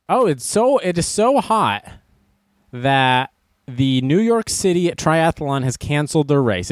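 A radio show host with a fairly high voice and lively intonation speaks unhurriedly on a dry, clean studio recording. He plays around through news items and stories, reading them aloud with wisecracks and laughing often.

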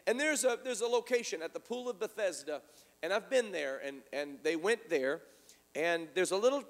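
A man preaches a sermon with animation, telling a story, acting out the dialogue and often repeating words. His voice sits high and moves at a moderate pace, with the sound of a big room.

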